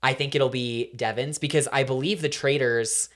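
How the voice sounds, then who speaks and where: A young adult woman co-hosting a podcast in casual chat, jokey and animated, swearing freely. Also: rumbling low, normal speed. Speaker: podcast co-host.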